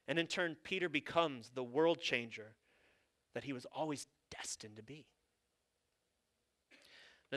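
A man's voice: medium pitch, fairly bright tone. A male pastor preaching a sermon in an earnest, conversational way, with casual asides.

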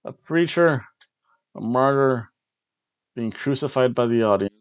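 A man's voice: medium pitch, lively intonation, unhurried, no room sound. Man rambling through a wrestling recap, lo-fi. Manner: rambling, jokey, breaks into silly voices. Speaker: podcast host reviewing wrestling. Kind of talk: casual solo recap.

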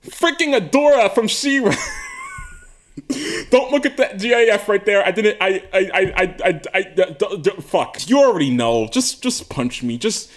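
A man talking to camera in a casual comedic monologue from an attic room, excitable and giggly, rambling with frequent laughs and yelps. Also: high voice, normal speed. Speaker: video creator.

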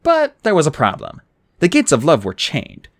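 A man reading an adventure novel aloud in the first person, with an expressive, dramatic delivery. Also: a little high, moderate pace, no room sound, studio quality. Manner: expressive, dramatic reading with raised character lines. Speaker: audiobook reader.

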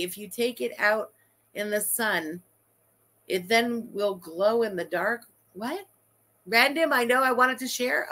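A woman's voice: fairly high pitch, sharp tone. A woman streamer giving profane, mocking, sarcastic reaction commentary during a live stream.

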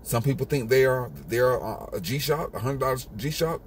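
A man's voice: medium pitch, normal speed, a little hiss or hum. A man giving an emphatic, repetitive motivational monologue in a casual street style. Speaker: motivational speaker.

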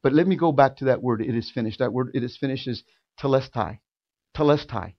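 A man preaching a sermon in a church, building from quiet, drawn-out lines to loud, fervent shouting. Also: mid-range voice, dull audio. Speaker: pastor. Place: church sanctuary.

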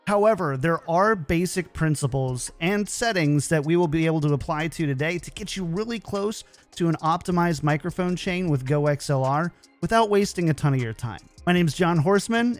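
A man's voice: a little high, a little fast, few pauses, soft background music. Upbeat man explaining mic settings. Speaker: streaming tech tutorial host. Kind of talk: scripted tech tutorial.

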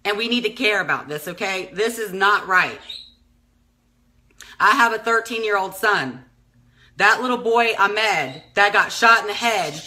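A woman's voice: mid-range voice, sharp tone. A woman in her thirties making an impassioned, emotional appeal, tearful and pleading, often repeating herself. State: tearful, crying at times. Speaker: speaker addressing the public.

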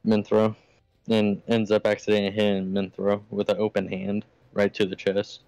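A man with a smooth, somewhat low voice narrates a tabletop game casually. The sound is dry and close. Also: monotone, a little mellow, no room sound. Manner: casual, pausing to recall names. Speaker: game master.

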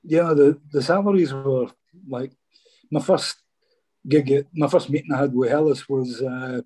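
Scottish man, husky, mellow tone, chatty, rambling storyteller. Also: mid-range voice, moderate pace. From Scotland. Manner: chatty, rambling, says "mate" often. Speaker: former footballer guest. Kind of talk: casual interview storytelling.

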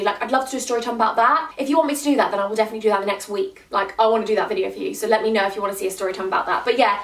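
An excitable young woman chats to her viewers in a gushing, animated way, her voice sitting a touch high. She is some way from the mic, and the room rings with echo. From England. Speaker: vlogger. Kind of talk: casual chat to camera. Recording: echoey room from a distance off the mic.

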